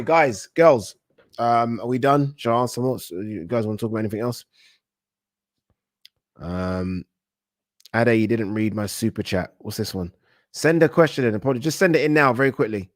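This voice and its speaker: An excitable British man chats on his live stream, swearing now and then as he answers viewers. His voice sits at an ordinary middle pitch. The sound is dry, with no room echo. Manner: excitable, chatty, swears casually. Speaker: boxing livestream host. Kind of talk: casual livestream chat.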